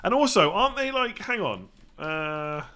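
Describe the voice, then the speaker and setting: A man hosting a casual live-stream Q&A, chatty and self-correcting, often clearing his throat. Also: sits high, sing-song, a little slow, sharp tone. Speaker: fantasy football streamer.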